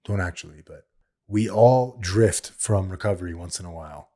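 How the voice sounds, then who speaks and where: A man's voice: low-pitched, normal speed, dark tone. A man hosting a solo recovery podcast, talking in an earnest, plain-spoken way and repeating his key points. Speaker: podcast host.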